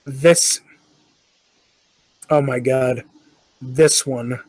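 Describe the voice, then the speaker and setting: Casual young male podcaster, slow and giggly, dead-dry mic. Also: mid-range voice, steady tone, a little mellow, no room sound, rough recording. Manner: laughing, unhurried, reads out comments. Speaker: podcast host. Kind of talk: casual chat, reading comments aloud.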